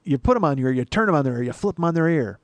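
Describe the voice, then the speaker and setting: A middle-aged man hosting a comedy podcast, rambling through a solo monologue with self-mocking asides and sudden bursts of loud mock-outrage. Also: a little high, expressive, racing, no room sound. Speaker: podcast host.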